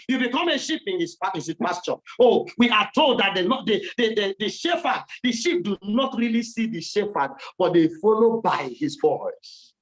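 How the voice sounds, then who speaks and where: A man with a Nigerian accent preaching a fervent sermon in church, often shouting in repeated rising phrases. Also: high voice, very animated, normal speed, hardly any pauses, rough recording.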